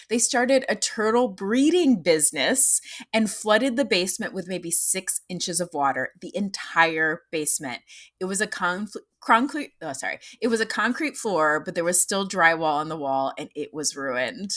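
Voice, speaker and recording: Lively, bright-voiced woman podcast co-host. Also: mid-range voice. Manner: laughing storyteller, many fillers. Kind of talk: casual chat.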